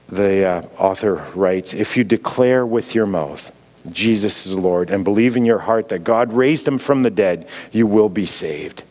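A middle-aged man with a Canadian accent speaks from the pulpit in a slightly low voice. His sermon is earnest and reflective, and he drops softer when he quotes a phrase. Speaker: guest speaker.

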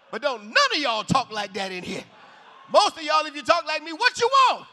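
A man preaching a shouted revival sermon in a large church, hollering in a rhythmic call-and-response style. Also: very high-pitched, sing-song, unhurried. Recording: echoey hall reverb.

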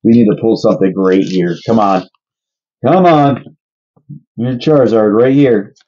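A man hosts a laid-back card-opening video, chatting casually, cracking jokes and making excitable, playful guesses as he opens packs. His voice is fairly low and a little slow, with the high frequencies cut off.

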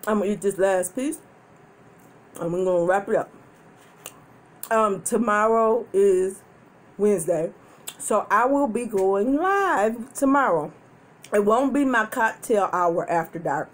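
Woman mukbang host, mid-range voice, chatty and animated, laughs a lot, talks straight to viewers. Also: mid-range voice, a little slow, pauses often. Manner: animated storyteller, laughs often, breaks into loud whoops; chatty, addresses viewers directly. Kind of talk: casual chat while eating.

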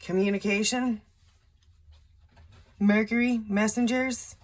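A woman doing a casual solo tarot reading, slow and musing, thinking aloud with blunt asides. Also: medium pitch, very animated, creaky. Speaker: tarot reader. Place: indoor room with a window.

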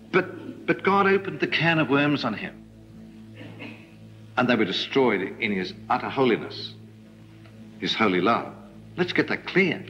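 Animated preacher, lively pitch. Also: male voice, muffled recording. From Australia. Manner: animated, ironic asides, emphatic rises. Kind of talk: sermon.

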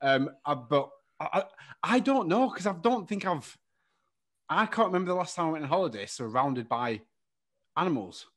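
A man's voice: on the high side, lively intonation, normal speed, a bit bright. A man co-hosting a podcast, chatting casually, laughing often and joking around. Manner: playful, laughs often, breaks into silly voices. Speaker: podcast co-host.

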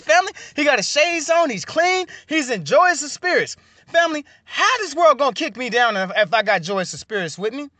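High, bright-voiced man preaching to "family". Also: no room sound. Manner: repetitive, calls listeners "family" constantly, swings loud and soft. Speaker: online inspirational speaker. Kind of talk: preachy motivational blessing talk.

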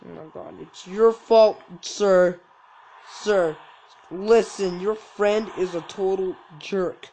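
Gamer goofing around on a let's play, jokey, yelps a lot, slow-ish talk, bit of room hum. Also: mid-range voice, steady tone, low-quality recording. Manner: joking, self-mocking, bursts of loud yelps. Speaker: gaming channel host. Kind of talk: casual let's play commentary.

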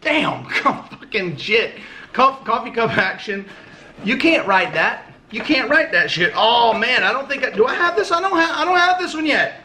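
A man's voice: very high-pitched, lively intonation, moderate pace, noisy background. A man vlogging as he opens fan mail, chatting casually, cursing and joking and stumbling a little as he reads notes aloud. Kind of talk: casual unboxing chat.

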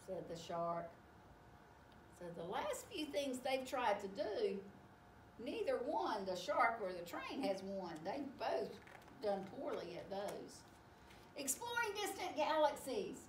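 A woman tells a children's story as a storyteller, slow and expressive, with her pitch rising and falling freely. The mic sits some distance away in a roomy, echoing space, and a faint hiss runs underneath. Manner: animated and expressive. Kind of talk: picture-book read-aloud for children.

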